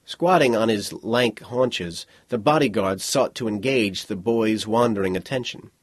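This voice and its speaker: Husky male audiobook narrator. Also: lowish voice, moderate pace, no room sound, studio quality. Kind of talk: scripted narration.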